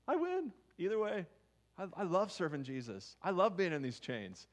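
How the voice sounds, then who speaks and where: A man's voice: wildly swooping pitch, moderate pace. A man voicing an overjoyed apostle in chains, speaking in exclamations with gleeful delight during a sermon. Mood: elated. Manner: exclaiming, gleeful, high and loud.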